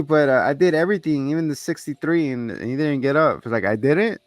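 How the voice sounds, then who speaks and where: Going through a movie scene by scene, a male podcast co-host gives a casual recap, swearing freely and acting out characters' lines loudly. His voice sits on the high side at normal speed with long pauses, recorded without room sound.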